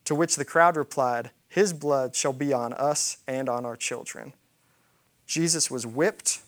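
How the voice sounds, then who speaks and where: A man preaching a sermon, retelling a scripture story and acting out the quoted lines. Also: fairly high pitch. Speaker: pastor.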